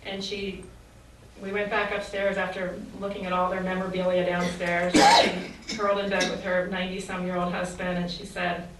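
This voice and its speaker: A woman's voice: fairly low pitch, flat delivery, moderate pace, noisy background. Earnest woman preaching in an echoey hall. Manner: earnest, reflective, with rhetorical questions. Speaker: speaker giving a faith reflection. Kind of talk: sermon-like reflective talk. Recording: very echoey, distant mic with faint ambience.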